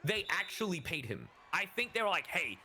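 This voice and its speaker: A man's voice: high voice, sing-song, fairly quick, bright, forceful tone, a little hiss or hum. A man talking in a casual group chat with profane language and many restarts. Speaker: streamer on a group call.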